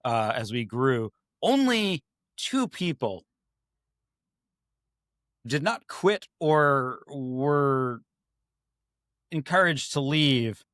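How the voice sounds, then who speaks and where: A man, a podcast guest, telling stories in a casual, animated way and acting out his own past remarks. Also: medium pitch, extremely slow, long pauses, dry recording, studio quality. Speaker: podcast guest, IT services manager.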